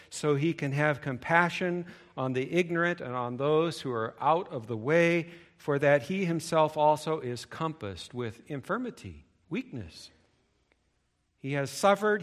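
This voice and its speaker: A male preacher giving a sermon, emphatic, swinging between loud stressed phrases and low asides.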